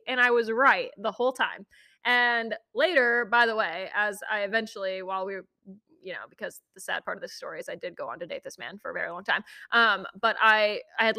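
A woman's voice: fairly high pitch, sharp tone, dry recording. A young woman hosting a podcast, telling a personal story in a chatty way, full of "like" and laughing as she goes. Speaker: podcast host. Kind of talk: casual storytelling.

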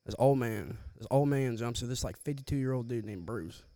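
A man's voice: mid-range voice, normal speed, dark tone, no echo. A young man telling a rambling, profane story in casual chat, slangy and loose. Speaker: podcast co-host.

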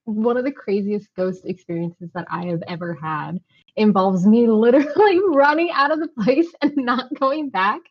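Female host, casual and emphatic, high-ish voice, slightly dull audio. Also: moderate pace. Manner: emphatic, reacts with laughter. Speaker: podcast host. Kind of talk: casual chat.

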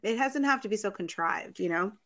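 A woman co-hosting a casual chat, agreeable, quick to chime in and laugh along. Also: mid-range voice, lively intonation, a bit bright. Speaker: podcast co-host.

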